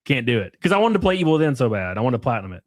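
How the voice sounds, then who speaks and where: A man's voice: medium pitch, big pitch swings, rapid-fire, dry recording. A man streaming live, reading chat and rambling through loose, crude takes with frequent laughs. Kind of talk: casual livestream chat.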